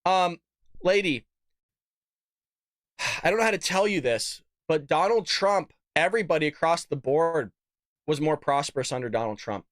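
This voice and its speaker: A man's voice: lively intonation, moderate pace, long pauses, no room sound, studio quality. A man hosting a live political commentary stream, ranting heatedly with profanity and mock voices. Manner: heated, profane ranting that swings loud and high. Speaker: political commentary show host.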